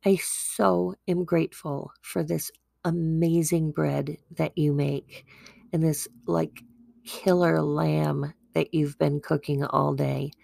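A woman voicing a gentle, reassuring male Jesus in a retold Bible story, speaking softly and comfortingly. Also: deep voice, steady tone, takes it slowly, gravelly, dry recording, clean studio sound, exaggerated voice.

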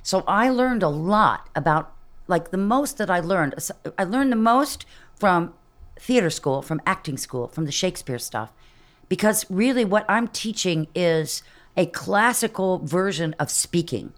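A middle-aged woman from Texas, a vocal coach chatting in an interview, animated and quick to demonstrate voices and laugh. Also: on the low side. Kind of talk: casual interview chat.

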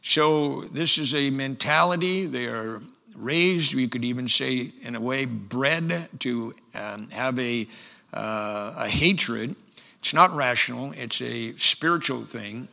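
An older man, a pastor, preaching a sermon slowly, with many pauses and fillers, reading scripture forcefully. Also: medium pitch, gravelly, big-room sound.

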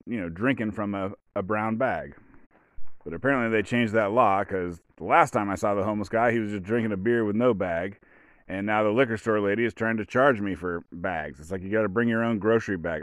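Rambling, low-voiced man in his forties. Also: no room sound. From Oregon, USA. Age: 40s. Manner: meandering, profane, with frequent fillers and restarts. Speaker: podcast host. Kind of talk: rambling casual monologue.

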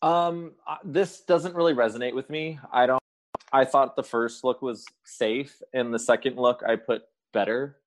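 A man's voice: mid-range voice, fairly even intonation, normal speed. A man speaking as a panelist in a casual chat, hesitant and candid.

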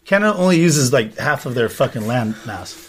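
A man's voice: medium pitch, expressive, fairly quick, slightly rough. A man hosting a podcast in casual banter, brash and rambling, swearing often. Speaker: podcast host.

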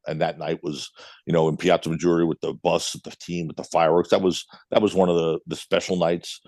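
A middle-aged man with a Brooklyn accent, a guest telling blunt, animated stories with some swearing in a casual interview. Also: sits low, no room sound. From United States. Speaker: guest, club owner.

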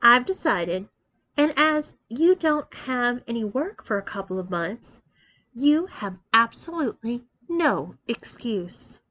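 A woman's voice: on the high side, very animated, slow, bright, forceful tone, highs cut off, heavily acted. A woman reading aloud, voicing a decisive young woman who firmly insists on getting her way. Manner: firm, decisive. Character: strong-willed young woman, a decisive girlfriend.

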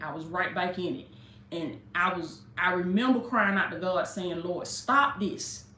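A woman's voice: fairly low pitch, a bit bright, a little hiss or hum. A woman preaching a live-streamed sermon, fervent and talking straight to her listeners, a little jittery from coffee. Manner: fervent preaching with casual direct address. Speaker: life coach and preacher. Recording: echoey room.

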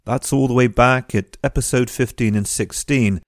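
A man's voice: medium pitch, fairly even intonation, moderate pace, dry recording, clean studio sound. A man hosting a podcast, introducing the episode and its guest with wry, joking asides. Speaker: podcast host.

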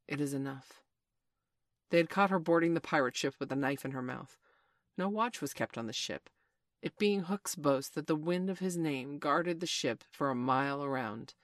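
Low-voiced woman reading a storybook. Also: no echo, clean studio sound. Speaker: narrator.

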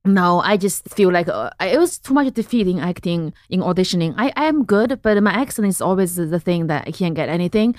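A woman in her thirties from central China, with a Chinese accent, a guest comedian in a casual podcast chat who tells animated stories and acts out other people's lines. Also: on the low side, fairly quick, few pauses, no room sound, studio quality.

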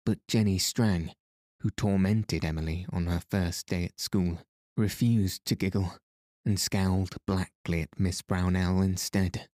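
A man reading a novel aloud as narrator, in a measured, expressive storytelling manner. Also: low voice, no echo, clean studio sound. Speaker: audiobook narrator. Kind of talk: scripted narration.

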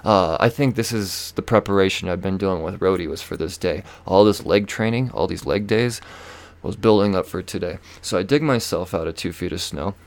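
A man's voice: sits low, normal speed. A young man hosting a podcast, telling a comedic story as a profane, swearing rant. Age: young adult. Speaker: podcast host.

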